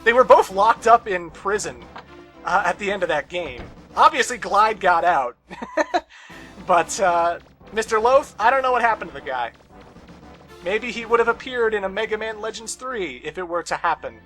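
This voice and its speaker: Bright-voiced young man gaming commentary. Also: sits high, lively intonation, moderate pace, faint music behind. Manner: sarcastic, ranting asides, swears. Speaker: let's play host. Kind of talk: casual game commentary.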